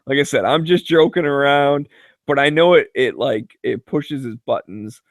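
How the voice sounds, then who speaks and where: A man's voice: medium pitch, unhurried, no echo, studio quality. A man in casual chat, telling joking, profane stories full of filler words and frequent laughter. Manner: loose filler-heavy delivery with many "like"s. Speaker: chat regular.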